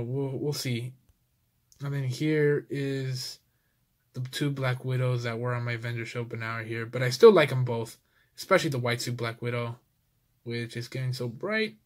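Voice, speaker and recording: A young man with a mid-range voice hosts a casual toy-collection vlog. He's laid-back and keeps calling everyone dude, sounding tired and out of breath.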